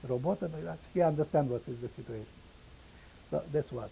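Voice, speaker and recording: An older man whose first language is Yiddish, giving oral history testimony in halting English and pausing to search for words. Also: medium pitch, gravelly, warm tone, a little hiss or hum, poor audio. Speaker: interviewee, survivor.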